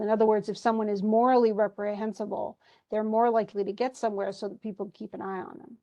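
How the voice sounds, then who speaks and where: A literature teacher reads passages from a play aloud, pausing casually to explain what the characters mean. Her medium-pitched voice is warm but flat, and she talks fast with hardly any pauses.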